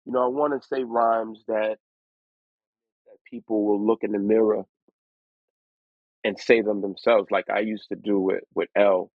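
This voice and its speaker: Lower-voiced man on a tinny line. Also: unhurried, long pauses, no echo. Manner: lively, acts out other people's voices in his stories. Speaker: guest rapper. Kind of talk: storytelling interview. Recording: dry, tinny phone-like line.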